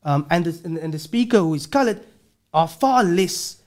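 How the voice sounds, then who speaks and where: A man's voice: fairly high pitch, expressive, normal speed, darkish tone. Earnest man explaining. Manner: earnest, explanatory, with frequent restarts and repeated words. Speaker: linguistics professor, podcast guest. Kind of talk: casual interview talk.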